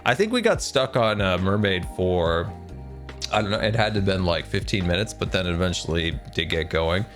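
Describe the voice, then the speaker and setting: A rambling, chatty man streaming a game, his low voice swinging up and down in a lively way as he laughs along with viewers. Soft music plays underneath. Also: normal speed. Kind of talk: casual live-stream chat while gaming.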